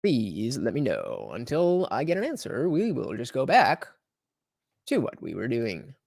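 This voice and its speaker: A man's voice: medium pitch, huge pitch swings, a little slow, vocal fry, darkish tone, no room sound, studio quality. A man hosting a reaction livestream who talks in a hesitant way with many fillers. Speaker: livestream host.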